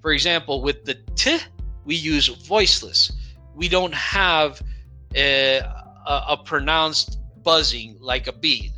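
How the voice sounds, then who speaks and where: Male teacher, fairly high voice, slow patient drills, music bed behind. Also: expressive, pushed and bright. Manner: slow, patient, repeats example words. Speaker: English teacher. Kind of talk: explaining pronunciation.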